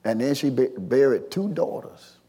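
A man, preaching a sermon, swinging from quiet storytelling to shouted call-and-response. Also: medium pitch, big pitch swings, normal speed, breathy edge. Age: 60s.

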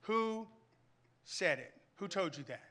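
A man preaching a sermon in church and telling animated stories, often restarting his sentences and throwing questions out to the congregation. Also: sits high, slow. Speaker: pastor.

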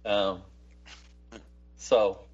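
A man's voice: lowish voice, flat delivery, drawn-out words, husky, highs cut off, soft background music. A man hosting a podcast in casual, rambling chat, swearing freely. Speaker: podcast host.

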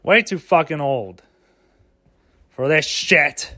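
Podcast host, male, high-pitched speaking voice, rambling and profane, fires off rhetorical questions. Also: slow, sharp tone. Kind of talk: rambling solo podcast rant.

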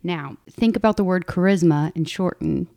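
A woman's voice: lowish voice, normal speed, vocal fry, dark tone. A woman co-hosting a political podcast, chatty and explaining things, often laughing. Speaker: podcast co-host. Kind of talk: casual political podcast chat.

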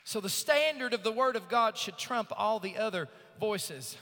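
A male pastor preaching a sermon, drawing out scripture slowly and rising into emphatic swells. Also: high-pitched, lively intonation, bright, forceful tone. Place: church sanctuary. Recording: long reverb of a church sanctuary.

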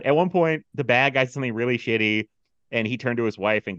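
A man's voice: medium pitch, brisk, no echo, muffled recording. A man hosting a casual movie podcast, telling stories with lots of laughs and mimicking people. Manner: animated storyteller, mimics people, laughs often. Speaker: podcast host.

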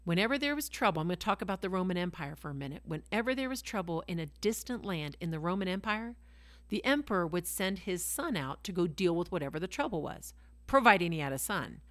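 A woman's voice: lowish voice, lively intonation, fast, no room sound. A woman reading scripture aloud and teaching on it in a devotional podcast, enthusiastic, exclaiming and asking her listeners rhetorical questions. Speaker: Bible teacher and podcast host.

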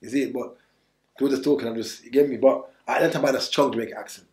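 A man tells his story at a rapid clip, his voice sitting in the middle range. He leans on street slang and circles back to the same points with urgency. The room around him is echoey. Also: mid-range voice, fairly even intonation, darkish tone. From England. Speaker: interview guest. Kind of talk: candid storytelling.

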